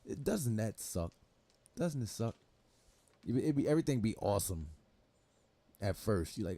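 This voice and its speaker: Low-voiced man riffing loosely, dry sound. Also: sing-song, normal speed, pauses often, dark tone, no echo. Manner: loose, laughing, swears freely. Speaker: livestream host reacting to clips. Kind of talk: casual profane reaction commentary.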